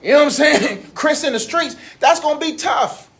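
A man in his thirties giving a casual, animated sermon talk, laughing often as he speaks. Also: very high-pitched, normal speed. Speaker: preacher.

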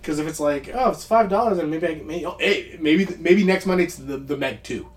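A man co-hosting a podcast, chatting casually about movies, rambling with quick asides and frequent laughs. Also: fairly high pitch, crowd noise. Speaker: podcast co-host.

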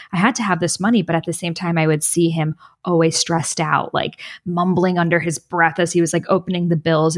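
A woman guest on a podcast, telling a personal story in a chatty way with plenty of "like" and "you know". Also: fairly low pitch. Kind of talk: casual conversation and personal storytelling.

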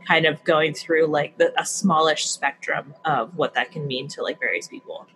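Rambling young woman, slightly low voice. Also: fairly even intonation, moderate pace, fairly bright tone, breathy edge, poor audio. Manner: thoughtful, rambling with many "like"s. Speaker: podcast co-host. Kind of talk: casual book chat.

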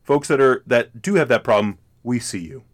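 A man's voice: mid-range voice, normal speed. A man hosting a casual film podcast, rambling with many restarts and fillers and laughing often. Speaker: podcast host. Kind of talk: casual chat.

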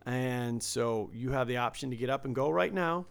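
A man's voice: medium pitch, moderate pace, vocal fry, hardly any pauses, clean tone. A man, a casino dealer, chatting casually and reflectively about work and about people he has met. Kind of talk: casual podcast chat.

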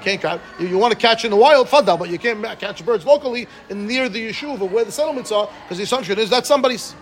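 A man teaching a Talmud class, reading Aramaic and explaining it phrase by phrase in English, often checking with listeners. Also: high-pitched. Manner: quick, animated, asks listeners "right?".

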